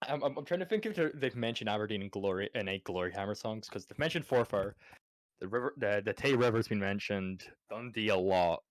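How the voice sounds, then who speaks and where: A Scottish man sits on a podcast panel, chatting casually and rambling, swearing and stammering through restarts. His voice is fairly low, expressive and a little quick. There's no echo.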